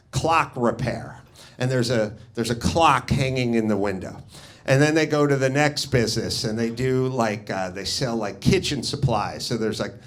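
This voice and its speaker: A middle-aged man hosting a live comedy show, ranting sarcastically and swearing on a club stage. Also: medium pitch. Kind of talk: live stand-up rant. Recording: live club recording, crowd faint.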